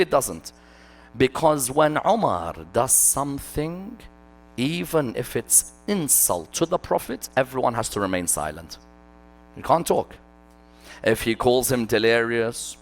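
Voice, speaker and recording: Male lecturer, fervent sermon style, highly animated pitch, loud then hushed. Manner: impassioned, rhetorical questions, swings from loud to hushed. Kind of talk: religious lecture. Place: mosque hall.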